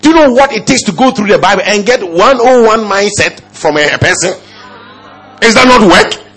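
A male pastor preaching a sermon, firing off rhetorical questions and swinging from low murmurs to loud exclamations. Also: animated, normal speed, breathy edge.

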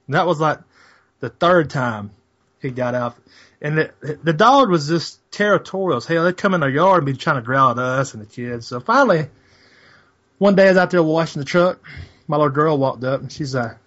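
A man's voice: fairly high pitch, lively intonation, moderate pace, a bit bright, highs cut off. A man telling a rambling, profane story over a call, in a casual, laid-back way. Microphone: call audio.

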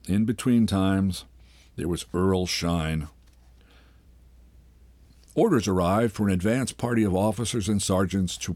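An older man, reading a short story aloud in a measured, unhurried way. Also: on the low side, a little mellow, no room sound. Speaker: host and reader. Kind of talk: literary reading.

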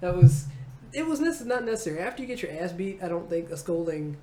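A comedian in her forties tells a childhood story in an interview, lively and laughing, acting out the people in it. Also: fairly low pitch, fast. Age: 40s. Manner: animated, acting out voices, laughing. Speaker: comedian guest. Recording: roomy echo, faint noise.

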